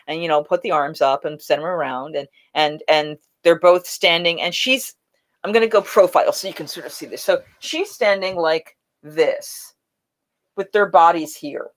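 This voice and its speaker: A woman hosting a casual live chat, telling stories in an animated way and acting out quotes. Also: lowish voice, moderate pace. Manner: animated, laughing storyteller who acts out quotes. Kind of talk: casual live-stream storytelling.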